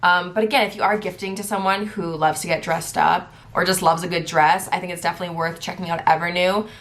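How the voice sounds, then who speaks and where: Fast-talking giddy young woman vlogger. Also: lowish voice, steady tone, fairly bright tone. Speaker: beauty vlogger. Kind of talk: casual gift guide vlog.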